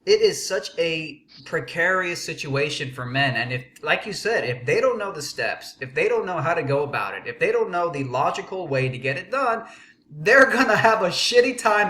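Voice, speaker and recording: A man's voice: sits high, sing-song, brisk, sharp tone, roomy sound. A man hosting a casual interview who speaks fluently, bluntly and emphatically. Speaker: interview host.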